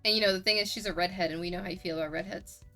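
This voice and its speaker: A woman hosting a live stream in casual chat, quick and teasing. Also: lowish voice, steady tone, pushed and bright, faint music behind. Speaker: streamer host.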